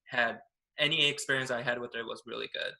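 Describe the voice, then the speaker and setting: A man's voice: medium pitch, steady tone, brisk, creaky, sharp tone, poor audio. A man guest reminiscing in casual chat about a friendly experience. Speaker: guest drag performer.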